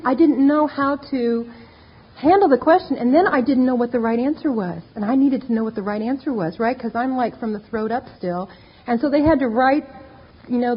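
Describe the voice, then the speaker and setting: A woman's voice: sits high, husky. A woman giving a candid, self-mocking personal testimony to an audience, acting out the dialogue. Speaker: speaker sharing her recovery story. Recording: dull lo-fi tape recording.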